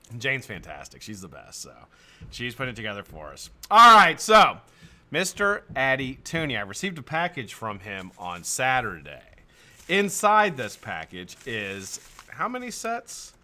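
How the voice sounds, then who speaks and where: A man's voice: medium pitch, pushed and bright. An American man hosting a live stream in casual chat, greeting viewers by name, swearing and laughing often.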